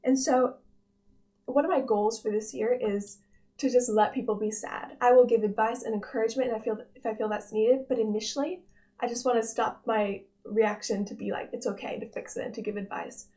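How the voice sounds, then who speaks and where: A young woman with a fairly high voice talks through a personal devotional. She is earnest and gentle, pausing to reflect and often restarting her sentences as she thinks aloud. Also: steady tone. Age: young adult. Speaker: devotional vlog host, nursing student.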